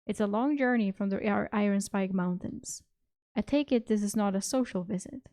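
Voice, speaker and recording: A woman reading aloud, voicing an aging male grand general who speaks calmly and formally, with a quiet menace. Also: mid-range voice, moderate pace, natural voice. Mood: measured.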